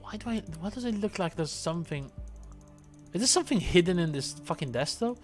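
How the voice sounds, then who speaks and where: A man's voice: high voice, lively intonation, brisk, faint music behind. A man streaming a game, chatting casually, thinking aloud and swearing now and then. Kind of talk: casual gameplay commentary.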